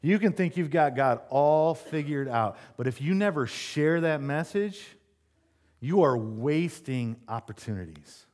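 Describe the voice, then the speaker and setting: A male pastor delivering a sermon to his congregation in a relaxed, conversational way. He mixes scripture with personal stories and sits at an ordinary middle pitch for a man. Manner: conversational preaching, storytelling, rises in pitch when animated.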